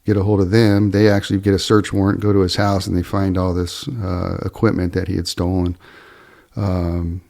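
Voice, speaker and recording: A man's voice: low voice, level tone, normal speed, creaky, darkish tone. A middle-aged man who owns a fly shop, casually telling rambling stories full of fillers and restarts, briefly raising his voice to act out what people said. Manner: rambling, filler-heavy, acts out quoted lines in a raised voice. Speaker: fly shop owner and podcast host. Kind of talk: casual storytelling.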